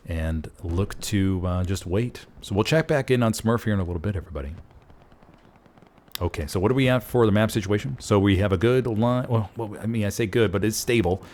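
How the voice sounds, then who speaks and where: A man casting a competitive online shooter match play-by-play, folksy and excitable, jumping up in pitch at big plays. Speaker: esports caster. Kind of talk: play-by-play game commentary.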